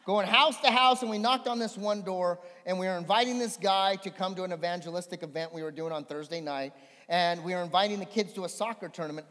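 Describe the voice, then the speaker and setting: Guy pastor preaching, kinda high voice, goes loud then hushed telling a story, big echoey church hall. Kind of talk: sermon. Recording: long hall reverb.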